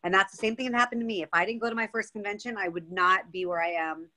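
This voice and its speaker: A woman's voice: medium pitch, fairly even intonation, fast, sharp tone, no echo. A woman on a video call telling an enthusiastic story to her team. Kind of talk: excited sharing on a video call. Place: outdoors with weak signal.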